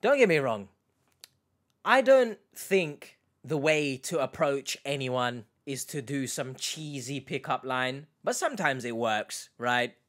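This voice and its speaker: A man's voice: mid-range voice, animated, slow, a bit bright. A man hosting a reaction video, chatting casually to his viewers with rambling restarts and questions for the comments.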